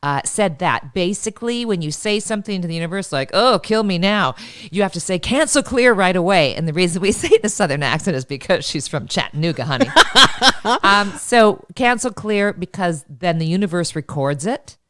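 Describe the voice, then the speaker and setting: Comedic lady cohost, low-ish voice, keeps laughing mid-sentence, dry mic. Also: animated, brisk, no echo. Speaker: podcast co-host. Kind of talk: comedic casual chat.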